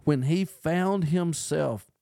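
A man's voice: a little high, slow pace, vocal fry, dark tone, no echo, studio quality. A man preaching a podcast sermon in an earnest, emphatic way, building on repeated phrases.

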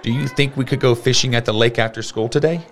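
A man voicing a schoolboy bully with a taunting, drawn-out delivery. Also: mid-range voice, steady tone, a faint crowd, lightly acted. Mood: polite.

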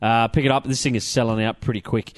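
An Australian man chatting his way through a comic review, blunt and profane, rambling with plenty of ums. His voice sits at an ordinary middle pitch, and the recording is dry and close with no room sound. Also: fairly even intonation, fast talker, dry recording. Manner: blunt, swears freely, rambling with many ums. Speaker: comic book podcast host. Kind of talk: casual comic review chat.

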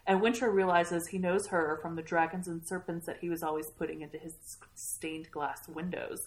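A woman telling a story in a casual, animated way, swearing often and laughing at the funny parts. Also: lowish voice, normal speed. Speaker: podcast host recapping a book. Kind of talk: casual chat.

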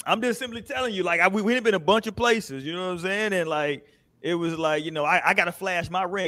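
A man's voice: high-pitched, fast, dry recording. An American man hosting a casual panel podcast, telling stories with lots of acted-out quotes. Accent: American English. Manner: animated storytelling, acts out quotes. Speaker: podcast host.

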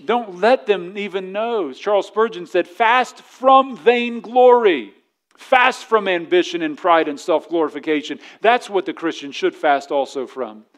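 A pastor preaching to his church on a fairly high voice. He banters and teases the congregation, then reads scripture aloud in old King James wording. The delivery stays animated. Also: moderate pace, hardly any pauses. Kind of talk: sermon. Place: church service before a congregation.

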